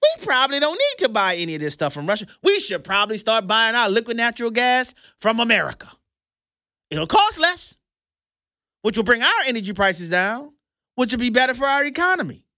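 A man's voice: very high-pitched, wildly swooping pitch, a little fast, pushed and bright, dry recording, clean studio sound, voice pushed up, heavily acted. A man voicing a chatty foreign woman official who muses aloud in a mock-casual, sing-song way. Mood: mock musing.

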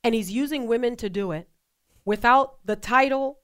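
A woman's voice: on the high side, moderate pace, fairly bright tone, smooth. Passionate woman co-hosting a faith talk show. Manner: passionate, emphatic, repeats phrases for stress. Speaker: co-host.

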